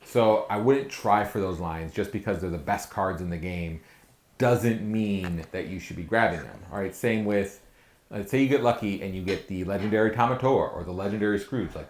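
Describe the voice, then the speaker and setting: A man hosting a podcast, breaking down card game strategy in a quick, analytical way with lots of fillers. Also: sits low, darkish tone, roomy sound, slight background noise. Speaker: podcast host.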